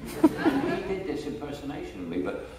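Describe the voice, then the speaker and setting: A man's voice: medium pitch, sing-song, brisk, mellow, a little hiss or hum. An older man with a Cockney accent, telling stories as an interview guest. He talks in a chatty way, laughs often and repeats words as he restarts. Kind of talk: casual anecdotal interview. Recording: echoey room, mic at a distance.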